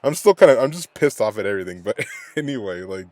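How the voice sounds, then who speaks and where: A man's voice: lowish voice, animated, quick pace, a little mellow, no echo. A man ranting angrily in a profane, rambling game recap. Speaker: sports fan vlogger.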